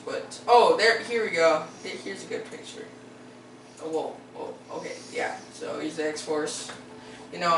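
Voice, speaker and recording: A man's voice: a little high, fairly bright tone, distant mic. A teenage boy hosting a casual vlog, rambling and hesitant, full of fillers and restarts. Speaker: video host. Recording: roomy echo, voice away from the mic, faint background noise.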